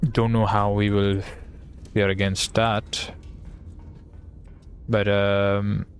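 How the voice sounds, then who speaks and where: A man's voice: on the low side, flat delivery, drawn-out words. A man streaming a game, chatting casually and playfully while thinking aloud and reading bits to himself. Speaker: gaming streamer. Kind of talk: casual gameplay commentary.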